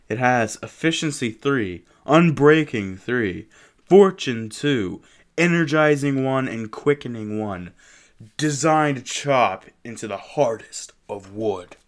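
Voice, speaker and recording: Young male game host with a cold; smooth, clear tone, chatty and excitable. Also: mid-range voice, slow pace. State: has a cold, sniffling. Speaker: gaming channel host. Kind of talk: casual gameplay commentary. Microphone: desktop mic with face cam.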